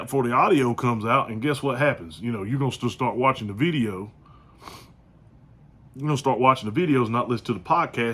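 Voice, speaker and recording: A man's voice: medium pitch, a bit bright. A man hosting his own podcast, talking casually and repetitively in slangy, joking asides. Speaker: podcast host. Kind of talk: casual solo podcast monologue.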